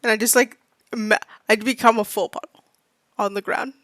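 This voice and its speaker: A woman with a higher voice plays a tabletop role-playing game. She tells rambling, chatty stories. Her mic sounds dry and close. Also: fairly even intonation, normal speed, fairly bright tone, no room sound. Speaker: player. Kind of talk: tabletop role-play over voice chat.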